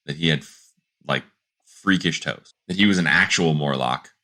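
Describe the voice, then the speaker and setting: A man co-hosting a casual podcast, telling a long joke and slipping into quick voices for its characters. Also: a bass voice. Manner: animated storyteller doing quick character voices. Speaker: podcast co-host.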